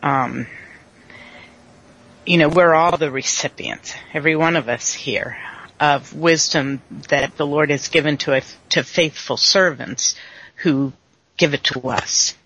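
A Bible study leader teaching slowly, quoting scripture and laughing easily with the group. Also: medium pitch, breathy edge. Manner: slow, warm, laughs easily, quotes scripture. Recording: dull lo-fi recording.

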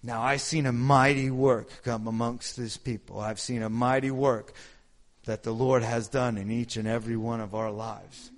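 A man's voice: medium pitch, level tone, normal speed. Fervent male preacher. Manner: preaching with rising fervor and dramatized quotes. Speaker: pastor. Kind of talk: sermon. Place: church service room.

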